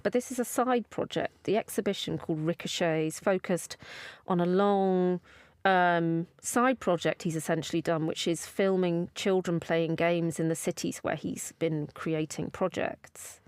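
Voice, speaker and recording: A woman's voice: on the low side, steady tone, a little slow, darkish tone, clear, resonant tone, dry recording. A woman art journalist talking in a thoughtful, enthusiastic way on a radio show. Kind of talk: radio studio conversation.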